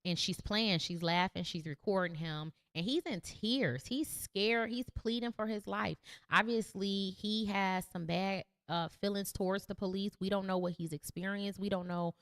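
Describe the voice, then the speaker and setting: A woman's voice: mid-range voice, normal speed, clean tone, dry recording. Woman podcast host, dry close sound. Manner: earnest and emphatic, reacting to a viral clip. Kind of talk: opinionated commentary.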